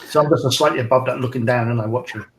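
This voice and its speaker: A man's voice: mid-range voice, fairly even intonation, fast talker. A man with a mid-range voice chats through a tabletop game, reasoning aloud about what he sees. His voice carries a roomy echo. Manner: chatty, thinks aloud. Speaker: player. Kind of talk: casual tabletop game chat.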